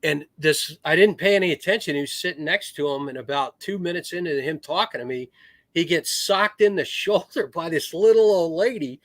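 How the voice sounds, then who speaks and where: A middle-aged American man, a retired Marine officer, telling anecdotes as a podcast guest with lively swings in his voice. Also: a little high, a little fast, dry recording. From United States. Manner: animated storyteller, swings into raised voice.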